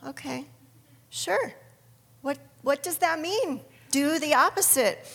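Middle-aged woman sharing an earnest testimony, slightly high and breathy. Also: a bit bright, in a large hall. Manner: earnest, storytelling, acts out her own inner dialogue. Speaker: speaker sharing a faith testimony. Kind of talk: personal testimony talk.

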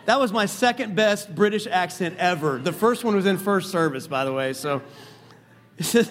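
A man preaching a sermon as pastor, telling a story with lively asides. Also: sits high, moderate pace.

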